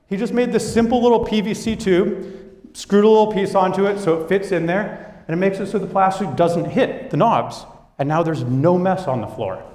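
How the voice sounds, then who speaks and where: A young man's voice sits high as he presents a business talk to an audience, his slightly raised voice echoing with a long, roomy reverb through a large hall. He tells stories energetically and acts out quoted coworkers.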